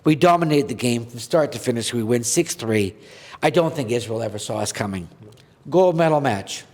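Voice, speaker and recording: A man's voice: mid-range voice, expressive, normal speed, darkish tone. A man from Canada tells his playing story in an earnest, heartfelt way. His voice rings out with a long reverb tail, as if he is in a big hall. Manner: earnest, heartfelt, reads a list of names aloud. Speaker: podcast guest, former goaltender. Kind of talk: emotional storytelling.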